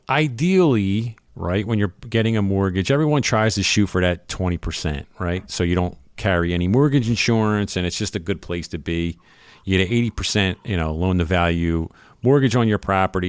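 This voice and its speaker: A man from the area co-hosting a podcast, chatting casually and excitably, acting out voices in his stories. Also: low-pitched, dry recording, clean studio sound. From Philadelphia area. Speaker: podcast co-host. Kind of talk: casual chat.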